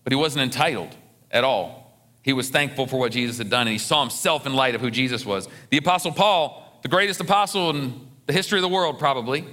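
A man's voice: medium pitch, lively intonation, fast talker, bright, forceful tone. A male pastor preaching a sermon earnestly, stumbling over and repeating words as he builds emphasis.

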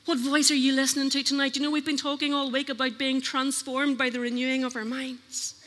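A woman's voice: sits high, flat delivery, fairly quick, a bit bright. Earnest woman preaching in a reverberant hall. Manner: earnest, questioning the listeners. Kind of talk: sermon.

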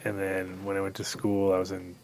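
A man's voice: deep voice, monotone, a little fast, darkish tone, a little hiss or hum. A man from New York hosting a radio show, telling a rambling, profane story.

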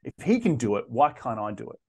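A man talks through his story as a podcast guest, his voice sitting at an ordinary middle pitch. He speaks with animation, often breaking off and repeating words before finding his way forward. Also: big pitch swings, fairly quick, vocal fry, warm tone, breathy edge. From Australia. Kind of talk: casual interview storytelling.

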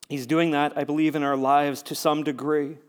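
A man preaching a sermon as a pastor, talking conversationally, building to emphatic repeated lines and dropping to hushed near-whispers. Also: on the high side, little pitch movement, normal speed, clean tone.

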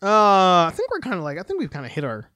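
A man in his forties with a high voice talks quickly in loose, joking podcast banter, with bursts of excitement. He is close on a dry mic with faint music underneath. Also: no room sound. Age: 40s. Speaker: podcast co-host. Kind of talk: casual podcast chat.

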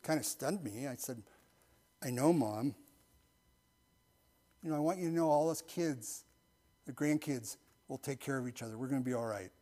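A middle-aged man, a pastor, telling a personal story in a sermon and then leading a slow, earnest prayer, often dropping to a hushed voice. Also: mid-range voice. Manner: soft-spoken, intimate storytelling that drops to near-whispers.

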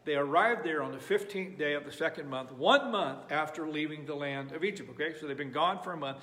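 A man's voice: fairly high pitch, brisk, pushed and bright. Emphatic male preacher in an echoey hall. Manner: emphatic, repeats phrases for effect. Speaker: pastor. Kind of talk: sermon.

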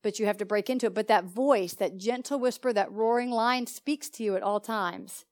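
A woman pastor preaching a sermon at a church service. She talks in an animated, conversational way and keeps asking her listeners questions. Her voice sits at an ordinary middle pitch for a woman. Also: moderate pace. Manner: animated and conversational, often asks the audience questions. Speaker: pastor teaching a congregation.

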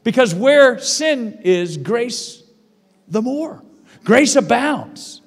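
High-voiced man preaching in a reverberant hall. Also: big pitch swings, drawn-out words. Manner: emphatic preaching with repeated phrases. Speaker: pastor. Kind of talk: sermon. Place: church.

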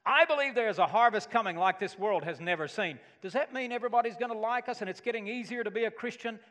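A middle-aged pastor preaches with rising, emphatic force, his voice pitched high for a man. He swings between hushed asides and loud declarations. The sound carries a long reverb from a large hall. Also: quick pace. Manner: animated preaching with sudden loud emphatic bursts. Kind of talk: sermon.

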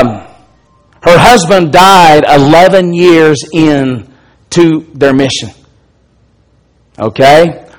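A middle-aged man with an Alabama accent preaches from the pulpit. His voice sits somewhat high, and he tells stories with rising, emphatic force. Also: rough recording. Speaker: pastor. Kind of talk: sermon.

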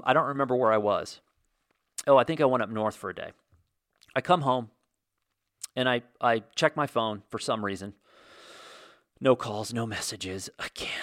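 A man in his forties telling a story in a casual monologue, animated and self-deprecating, as host of his own show. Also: fairly low pitch, dry recording, studio quality. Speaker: podcast host.

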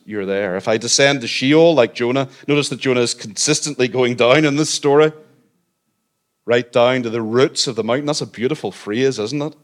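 A man pastor delivers a Sunday sermon in a mid-range voice. He is earnest and conversational. He breaks in with light, self-deprecating humor. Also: mid-range voice.

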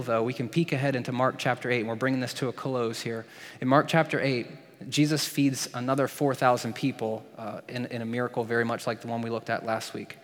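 A male pastor preaches in a middle-pitched voice with a playful, joking streak. His words ring out with a long reverb off the hall around him. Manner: jokey, playful asides. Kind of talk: sermon.

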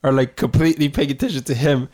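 A man's voice: mid-range voice, fairly even intonation, fast, darkish tone. Rambling man who laughs through his talk. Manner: rambling, laughs often while talking. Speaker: podcast co-host. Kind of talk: casual podcast banter.

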